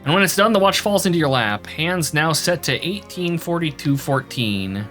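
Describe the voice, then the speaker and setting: A man's voice: fairly high pitch, animated, normal speed, fairly bright tone, soft background music. A man streaming a video game, reading the game text aloud and reacting playfully.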